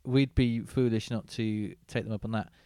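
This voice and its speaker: A man's voice: fairly low pitch, steady tone, warm tone, clear, resonant tone, no room sound, clean studio sound. A man hosting a casual chat, leading the game and laughing easily. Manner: chatty, leads the game, quick to laugh. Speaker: podcast host.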